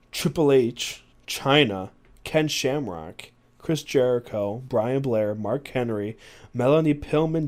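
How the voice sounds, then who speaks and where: A man hosts a podcast at an ordinary middle pitch. He reads long passages from books aloud, then drifts into relaxed asides full of ums and uhs. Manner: reads passages aloud, doing the quoted voices, with fillers and asides. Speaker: podcast host.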